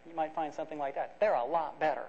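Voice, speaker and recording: A man's voice: on the high side, fairly even intonation, fast talker, darkish tone. A man giving a conversational academic lecture, explaining step by step with frequent restarts and fillers. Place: lecture hall. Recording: dull lo-fi lecture recording.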